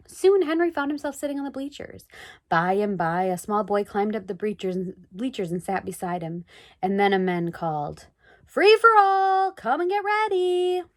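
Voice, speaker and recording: A woman reading a children's chapter book aloud in an expressive read-aloud manner. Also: mid-range voice, normal speed. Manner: expressive, sing-song read-aloud delivery. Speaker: storybook reader.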